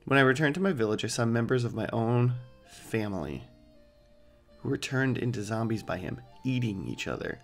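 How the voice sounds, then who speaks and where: A man's voice: mid-range voice, animated, normal speed, creaky, faint music behind. Man reading as a brooding vengeful warrior. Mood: grim. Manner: reads game dialogue in a plain voice. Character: brooding male warrior bent on revenge.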